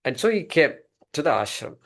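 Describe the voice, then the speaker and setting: A man teaching a scripture class through an animated, repetitive story. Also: fairly high pitch, a little fast, vocal fry.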